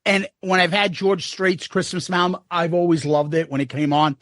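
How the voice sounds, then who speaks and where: A man's voice: high voice, little pitch movement, normal speed, a bit bright, no echo, clean studio sound. A man co-hosting a podcast, rambling and joking as he talks through his favorite songs in casual chat. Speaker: podcast co-host.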